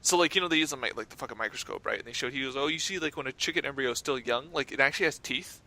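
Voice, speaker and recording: A man's voice: medium pitch, rapid-fire, pushed and bright. A young man co-hosting a podcast, telling stories in rambling casual chat and swearing freely. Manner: rambling storyteller, swears a lot, frequent "like" and "right?". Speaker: podcast co-host.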